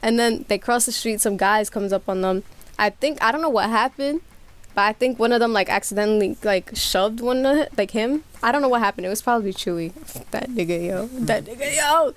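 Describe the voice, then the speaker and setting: A woman's voice: on the high side, a little fast. Slangy young woman telling a wild story. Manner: animated storytelling with voiced quotes, slangy and profane. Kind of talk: casual chat.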